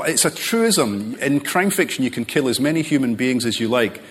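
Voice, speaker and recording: A man being interviewed as a novelist, telling rambling, animated stories full of self-corrections. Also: medium pitch, fairly quick, few pauses. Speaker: novelist guest. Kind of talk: relaxed conversational interview.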